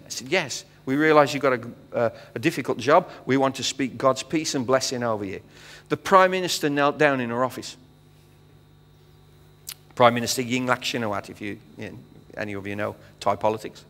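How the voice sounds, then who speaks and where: British man, middle-aged missionary guest preacher; animated storyteller, mid-range voice, recorded in a reverberant sanctuary. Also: medium pitch. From Britain. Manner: animated storyteller acting out dialogue, frequent fillers. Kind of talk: storytelling sermon. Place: church sanctuary. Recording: long hall reverb.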